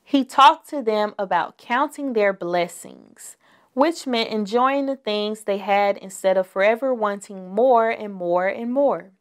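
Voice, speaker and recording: A woman reading a children's picture book aloud as storyteller, gentle and clear. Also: mid-range voice, measured pace.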